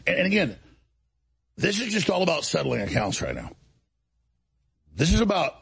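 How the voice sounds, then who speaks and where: Gravel-voiced man on an indignant rant. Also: high voice, sing-song, moderate pace, pauses often, a bit bright. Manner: indignant, acts out others' lines mid-story. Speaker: show host. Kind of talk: heated talk-show monologue.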